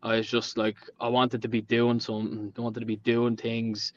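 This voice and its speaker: Casting: dublin tradesman in his late twenties, chatty storyteller, middling pitch, dull lo-fi recording. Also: completely flat delivery, normal speed. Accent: Dublin Irish. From Ireland. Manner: rambling storyteller who acts out quoted dialogue. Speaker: podcast guest, painter and decorator. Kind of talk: casual chat. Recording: dull lo-fi sound.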